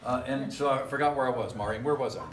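A medium-pitched pastor talks fast over a noisy crowd in an echoey church sanctuary. His sermon rambles casually and is full of jokes and little chuckling asides.

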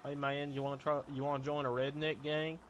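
A man's voice: fairly high pitch, little pitch movement, a little fast, highs cut off, natural voice. A man role-playing a jittery, rowdy redneck who wants to recruit people into his gang, talking in a folksy way. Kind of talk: video game role-play.

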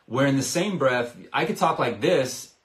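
Male sales coach, mid pitch, persuasive and energetic, roomy echo. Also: normal speed. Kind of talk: live-stream sales lesson.

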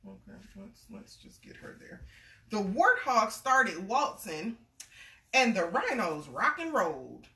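Lively, bright-voiced woman reading aloud. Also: mid-range voice, slow, gravelly, recorded from a distance. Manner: animated, with playful chatty asides. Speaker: storybook reader and host. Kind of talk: reading a picture book aloud to a child. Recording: echoey room, away from the mic.

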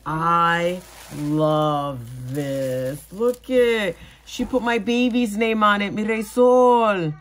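A woman vlogger opens gifts in a casual unboxing chat, gushing and letting out gasps and squeals of delight. Her medium-pitched voice draws out words and she rarely pauses.

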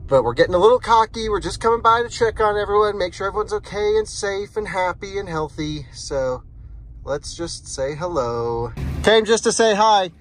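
A man's voice: high-pitched, expressive, normal speed, fairly bright tone, faint music behind. A man hosting a road test, chatting casually as he tows a trailer and talks through each step. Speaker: host of an EV towing test. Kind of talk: casual vlog narration while driving and towing. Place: inside a truck and at a charging station. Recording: faint vehicle and outdoor noise.

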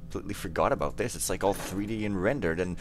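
A man's voice: sits low, quick pace, slight background noise. A man giving casual let's play commentary, rambling with self-mocking, jokey asides.

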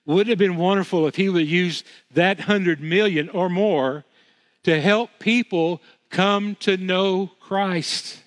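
A man's voice: fairly high pitch, a bit bright. A man preaching a sermon as pastor, earnest, repeating phrases for emphasis with frequent restarts. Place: church sanctuary. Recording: long reverb of a church hall.

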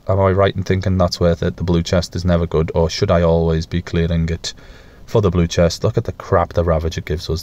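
A man's voice: low-pitched, a little mellow. Chatty self-mocking young man gaming. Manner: makes playful sound effects and coos at pets. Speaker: gaming YouTuber. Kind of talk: casual gameplay commentary.

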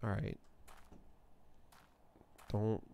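A man's voice: very slow, mellow, a little hiss or hum. Rambling male gamer streaming from home. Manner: rambling, self-correcting, thinks aloud. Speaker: live streamer. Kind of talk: casual gameplay livestream chat. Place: apartment room.

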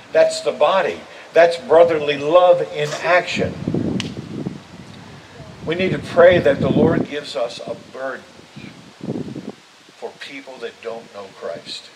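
Older pastor preaching, heard from afar. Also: male voice, on the high side. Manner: earnest, building to emphatic appeals. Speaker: interim pastor. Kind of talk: sermon. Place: church sanctuary. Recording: distant mic with steady background noise.

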